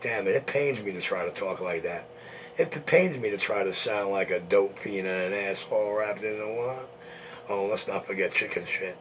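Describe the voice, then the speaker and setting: A man's voice: lowish voice, moderate pace, slight background noise. A man hosting an internet radio show, taunting and boasting in a profane monologue.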